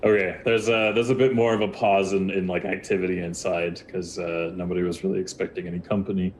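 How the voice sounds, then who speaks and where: A man's voice: deep voice, level tone, fast, slight background noise. A man narrating a tabletop game as game master, rambling with many fillers and restarts.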